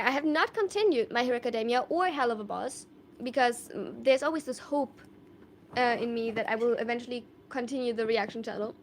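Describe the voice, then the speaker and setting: A woman's voice: on the high side, slight background noise. A woman from Germany, a live streamer chatting casually, reading viewer comments aloud and laughing often.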